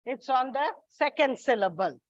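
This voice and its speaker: Female English teacher, high voice, slow and deliberate delivery, dull lo-fi recording. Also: animated, no echo. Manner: slow, deliberate, addresses students as children. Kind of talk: classroom lesson.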